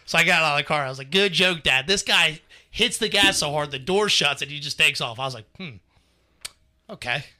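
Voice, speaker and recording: Bright-voiced man telling stories. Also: on the high side, quick pace. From Northern Kentucky. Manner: animated, acts out quotes, laughs often. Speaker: podcast co-host. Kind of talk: casual storytelling chat.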